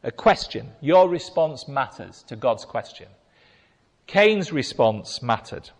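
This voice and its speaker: Male preacher, emphatic sermon, pitch swinging widely, long reverberant echo. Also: sing-song, takes it slowly. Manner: emphatic, repeating key phrases.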